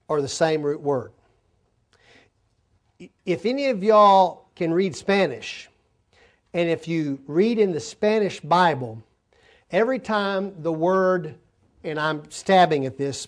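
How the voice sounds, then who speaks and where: A man teaching a sermon to a congregation, explaining words and asking listeners to help him. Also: fairly high pitch. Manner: explanatory, talks to congregation, asks them for help. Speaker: preacher.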